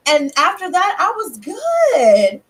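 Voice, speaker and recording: A high-pitched woman tells stories to her viewers in a loose, chatty way. She swears freely and jumps into other people's lines as she acts out conversations, with big leaps in her voice. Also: slow. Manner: animated, swears freely, acts out dialogue in bursts. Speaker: tarot reader and channel host. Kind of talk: casual storytelling to viewers.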